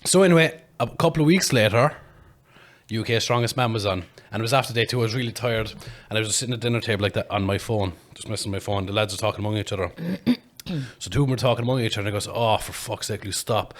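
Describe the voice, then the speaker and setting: A man, a podcast host telling a long story in casual chat, animated and laughing, with plenty of swearing. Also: on the low side, rapid-fire.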